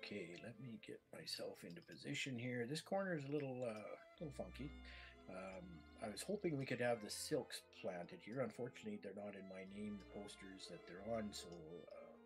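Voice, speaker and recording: A Canadian man calls out bids in a relaxed, chatty auctioneer style, repeating the price again and again. His voice sits low and has a gravelly rasp. Soft music plays faintly behind him. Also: brisk. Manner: chatty, repetitive bid calling. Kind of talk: live virtual-world auction calling.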